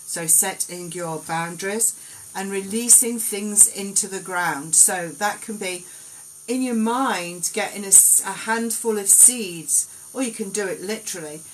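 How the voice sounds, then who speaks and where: A woman giving gentle, reassuring card readings on a live stream, in an unhurried, meandering way. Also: medium pitch, slight background noise, rough recording. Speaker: psychic card reader.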